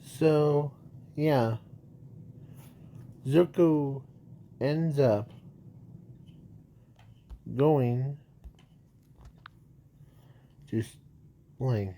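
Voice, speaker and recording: Speaking in a mellow mid-range voice over a little hiss or hum, an amateur storyteller makes up fan fiction on the spot. His delivery keeps breaking off with restarts and trailing words, and he says "sorry" to fix his mistakes.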